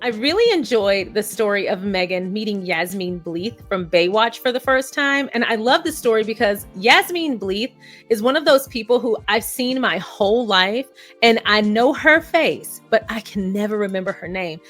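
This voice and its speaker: A woman's voice: mid-range voice, animated, moderate pace, a bit bright, soft background music. A woman vlogger giving casual commentary to her viewers, chatty and candid, poking fun at herself. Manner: chatty, candid, self-deprecating storyteller.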